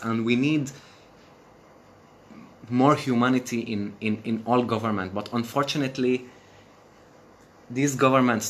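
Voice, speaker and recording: Syrian guy venting on his live stream, mid pitch, swears a lot, faint hum behind him. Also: measured pace, pauses often. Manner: impassioned, swearing, repeats phrases for emphasis. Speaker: livestream host. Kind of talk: emotional live stream rant.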